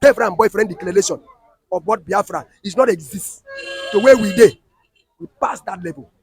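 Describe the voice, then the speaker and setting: A man's voice: high voice, moderate pace, faint music behind. A man with a Nigerian Pidgin accent, arguing emphatically and repeating himself in a heated street interview. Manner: emphatic, repetitive, scolding.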